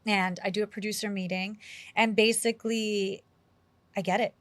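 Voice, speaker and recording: A woman from New York City, an actress being interviewed, telling animated stories in a chatty way with lots of acted-out quotes. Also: mid-range voice, moderate pace, no echo. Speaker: actress guest. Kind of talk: casual interview storytelling.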